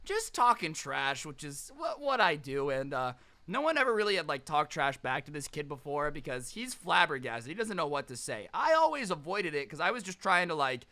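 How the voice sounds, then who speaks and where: A young man telling a casual storytime with a sarcastic, animated delivery. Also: fairly high pitch, moderate pace.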